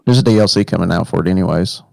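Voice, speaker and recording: Male co-host, low gravelly voice, easygoing reactive chatter. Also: very fast, a little mellow, no echo. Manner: easygoing, reactive, short agreeing replies. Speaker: podcast co-host and streamer. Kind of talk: casual chat.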